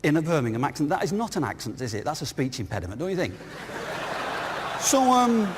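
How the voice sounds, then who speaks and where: A man's voice: on the high side, huge pitch swings, fairly quick, background noise. A man, a business speaker giving a jokey, anecdotal conference talk and asking his audience questions. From northern England. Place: large hall with audience. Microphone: clip-on lapel mic. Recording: reverberant hall.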